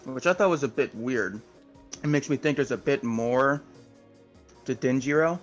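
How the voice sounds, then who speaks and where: A man's voice: medium pitch, moderate pace, highs cut off, faint music behind. A man co-hosting an anime podcast, chatting casually and rambling through a recap with many fillers. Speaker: podcast co-host. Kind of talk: casual chat.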